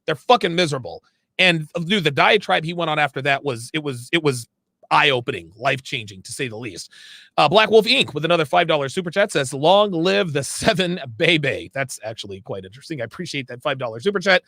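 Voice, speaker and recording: Lively, gravelly-voiced man hosting a livestream. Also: fairly high pitch, fairly quick, dry recording, clean studio sound. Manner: emphatic, blunt, stops to fix his own words. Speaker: livestream host reading viewer chats. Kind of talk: casual livestream talk.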